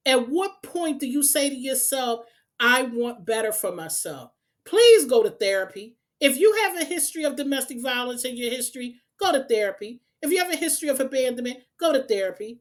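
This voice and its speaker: A woman talks straight to camera in an unedited commentary vlog. She is exasperated and emphatic, circling back over the same points as she addresses her viewers directly. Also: on the high side. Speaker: channel host.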